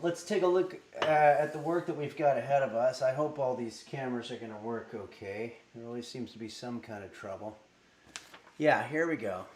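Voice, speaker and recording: A man's voice: mid-range voice, normal speed, a little mellow, roomy sound, slight background noise. A man streaming live from home, chatting casually at his desk microphone and reading viewer messages aloud with lots of fillers. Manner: rambling, reads chat messages aloud with many fillers. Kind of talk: casual livestream chat.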